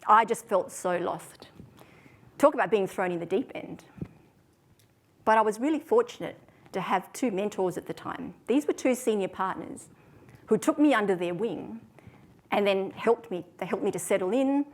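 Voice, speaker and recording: A woman delivers a prepared talk to an audience. She tells her story in a measured, even way, at a middle pitch. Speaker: speaker.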